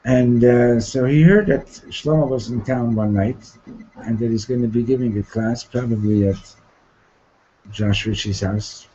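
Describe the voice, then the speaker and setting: A male teacher telling a story to his class, halting, repeating words and often asking "okay?". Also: mid-range voice, dark tone, muffled recording, a little hiss or hum. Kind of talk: storytelling lesson.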